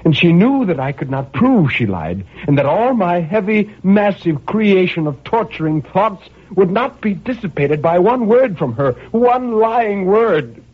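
A man's voice: high voice, sing-song, normal speed, few pauses, breathy edge. A man reading a dramatic first-person story in a brooding manner, with impassioned outbursts. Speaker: narrator. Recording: tinny narrow-band recording.

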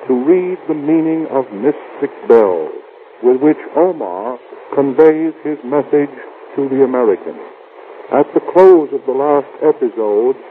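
Formal old-time radio announcer, man. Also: a little high. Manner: formal, even delivery. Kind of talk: scripted radio recap narration. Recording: tinny old radio recording, faint hiss.

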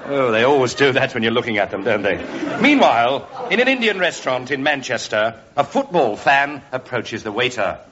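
A man's voice: mid-range voice, sing-song, moderate pace, highs cut off, noisy background. A man reading announcer-style links in a radio sketch comedy.

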